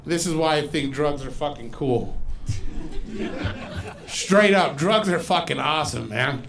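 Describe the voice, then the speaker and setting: A man in his forties doing a profane stand-up comedy set on a club stage, telling loose stories and putting on loud, exaggerated voices. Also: fairly high pitch, expressive, measured pace, creaky, a crowd in the background. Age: 40s.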